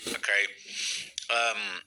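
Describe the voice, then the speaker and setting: A man's voice: lowish voice, little pitch movement, extremely slow, sharp tone, clear, resonant tone, poor audio. A man hosting a true-crime commentary, ranting with indignant sarcasm.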